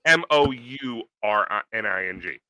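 A young man co-hosting a podcast, teasing his friend with playful, quick comebacks. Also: on the low side, lively intonation, pushed and bright, no echo. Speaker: podcast co-host. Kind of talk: casual banter.

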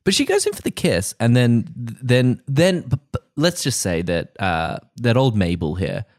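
A man's voice: mid-range voice, very animated, unhurried, no room sound, studio quality. A man co-hosting a podcast, crudely and wryly recapping scenes in casual comedic chat. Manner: crude, wry, retelling scenes with quoted voices. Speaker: podcast co-host.

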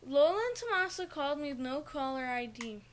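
A woman's voice: high-pitched, expressive, fairly quick, a little hiss or hum. A young woman hosting a casual podcast at home, telling stories with lots of giggles and exasperated asides. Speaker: podcast host.

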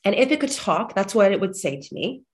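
A lively woman in her thirties gives a motivational pep talk straight to her listeners, weaving in chatty family stories. Her voice is medium-pitched and a little fast, and she sounds slightly congested. Animated and blunt, she swears now and then.

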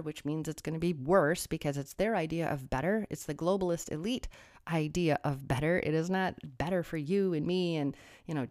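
A woman's voice: on the low side, darkish tone, no room sound, clean studio sound. A woman delivering a sarcastic political commentary monologue, full of rhetorical questions.

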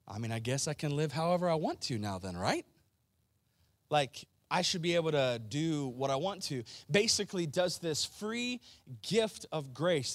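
A man preaching a sermon, talking casually with his congregation and asking them questions, then building to loud, emphatic outbursts. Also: fairly high pitch, no room sound. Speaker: pastor. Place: church.

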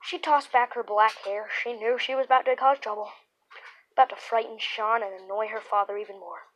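A woman's voice: a little high, fairly even intonation, fairly quick, low-quality recording. A woman narrating a children's story aloud, reading it through with small restarts and repeated words. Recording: faint background noise.

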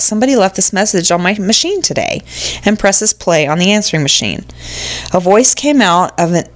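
A woman co-hosting a casual podcast, reading listener stories aloud and reacting with exclamations. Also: fairly low pitch. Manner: animated, reacts with exclamations and swearing.

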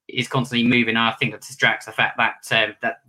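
A ventriloquist talks casually about his work in a bright, forceful voice. He rambles and restarts his sentences often, as if thinking aloud. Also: mid-range voice, level tone, quick pace. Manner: rambling, with many restarts and self-corrections. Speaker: ventriloquist and magician. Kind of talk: casual interview answers.

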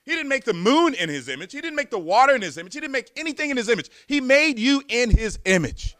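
High, lively-voiced preacher man. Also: fast, no echo. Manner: emphatic, with repeated words and rhetorical questions. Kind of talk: sermon.

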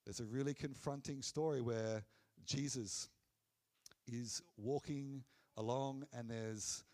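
A man's voice: fairly even intonation, takes it slowly. Earnest male preacher. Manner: earnest and conversational, dropping low and soft on key phrases. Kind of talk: sermon.

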